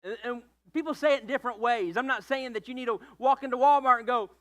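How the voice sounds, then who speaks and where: High-voiced joking male preacher. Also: fast talker, few pauses, a bit bright, lo-fi sound. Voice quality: playful, joking asides, fillers. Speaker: pastor. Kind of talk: humorous conversational sermon.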